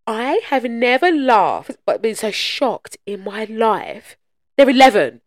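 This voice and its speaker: A woman co-hosting a podcast in casual chat, an animated storyteller who swears freely. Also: on the high side, slow pace, dry recording, clean studio sound. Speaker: podcast co-host.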